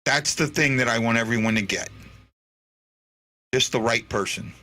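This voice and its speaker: A man hosting a fan show, talking in an earnest, halting way and repeating himself while he fights back tears. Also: mid-range voice, sharp tone. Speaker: podcast host. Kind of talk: emotional unscripted monologue.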